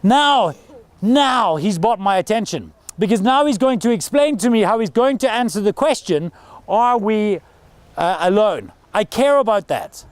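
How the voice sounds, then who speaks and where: A man giving an energetic, story-driven talk to school students and acting out the people he quotes. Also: sits high, measured pace, no room sound. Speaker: guest speaker. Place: school hall.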